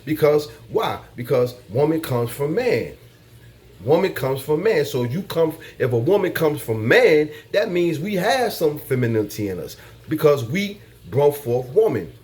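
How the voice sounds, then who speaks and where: A man's voice: fairly high pitch, sing-song, a little slow, a little mellow. A man giving dating advice in a casual monologue, blunt and profane, repeating his points like a lecture.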